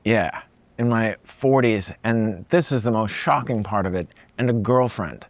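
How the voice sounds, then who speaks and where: A man in his forties from Massachusetts, speaking as a guest comedian in loose, halting conversation that keeps circling back on itself. His voice sits fairly low, and the recording is dry and close. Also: no room sound. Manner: halting, restarts phrases, chuckles. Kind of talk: casual conversation.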